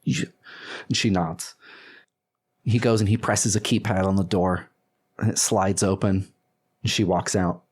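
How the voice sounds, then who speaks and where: A man running a tabletop role-playing game, narrating in a calm and amused way. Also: deep voice, measured pace, pauses often, slightly rough. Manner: calm, amused, laid-back.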